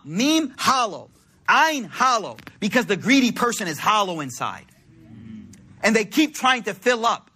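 A man's voice: very high voice, pushed and bright. A man giving an informal sermon, telling stories with slangy quoted dialogue. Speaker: preacher.

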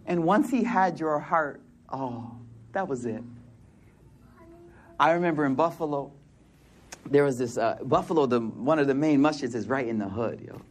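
A man's voice: a little high, normal speed, pauses often, slight background noise. A man in his forties preaching a sermon in casual street slang, telling stories and acting out the people in them. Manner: casual street slang, storytelling with quoted voices.

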